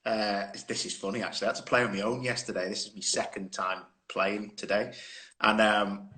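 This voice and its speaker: A man's voice: on the low side, level tone, a little fast, bright, forceful tone. Chatty man telling stories. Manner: chatty anecdotal storyteller, laughs often. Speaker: guest. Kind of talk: casual chat on a live stream. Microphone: phone on a video stream.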